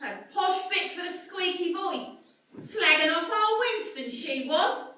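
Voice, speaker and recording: A woman's voice: very high-pitched, lively intonation, a little slow, pushed and bright, a little hiss or hum, exaggerated voice. A woman playing a jeering wartime woman. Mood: scornful. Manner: scornful, jeering. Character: angry working-class wartime woman. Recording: echoey room from a distance.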